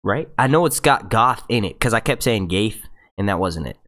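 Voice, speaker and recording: A man's voice: on the low side, lively intonation, moderate pace, fairly bright tone. A young man hosting his own live stream, chatting casually and rambling, swearing freely and laughing at his own slips. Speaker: YouTube host.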